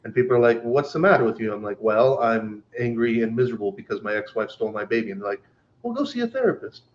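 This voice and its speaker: A man's voice: on the low side, steady tone, fast. Blunt profane man, lo-fi sound. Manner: blunt, profane storytelling with acted-out quotes. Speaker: podcast co-host. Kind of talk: casual chat.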